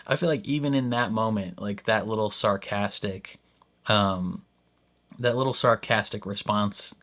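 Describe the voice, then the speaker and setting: Low-voiced man rambling through a reaction. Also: a little slow, a bit bright. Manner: rambling, filler-heavy, laughs often. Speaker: reaction video host. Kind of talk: casual reaction commentary.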